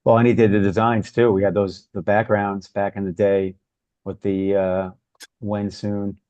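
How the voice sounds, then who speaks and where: A man's voice: on the low side, flat delivery, measured pace, a little mellow, smooth, no room sound, highs cut off. A man co-hosting a casual live audio chat with easygoing banter. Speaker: co-host.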